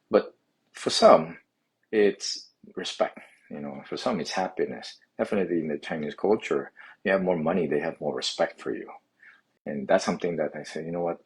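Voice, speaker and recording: Very deep husky man, halting. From Philippines. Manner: halting, many restarts and "you know" fillers. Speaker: physical therapy clinic owner. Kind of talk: personal story monologue.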